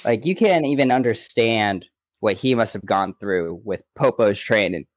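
A man co-hosting a casual podcast, recapping episodes in an animated way and often slipping into quoted lines. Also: lowish voice, normal speed, dry recording. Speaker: podcast co-host.

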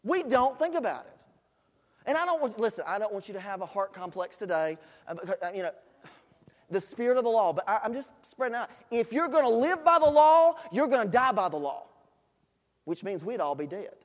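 A man's voice: high voice, very animated, brisk. A man preaching a sermon, telling folksy stories with asides to the congregation. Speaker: pastor. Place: church sanctuary. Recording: long hall reverb in a church.

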